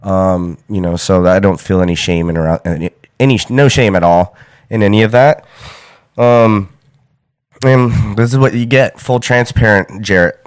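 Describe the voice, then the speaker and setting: Low smooth rambling American man. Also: moderate pace, no room sound, clean studio sound. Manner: loose and rambling, many fillers and restarts. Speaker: podcast host. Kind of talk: casual rambling monologue.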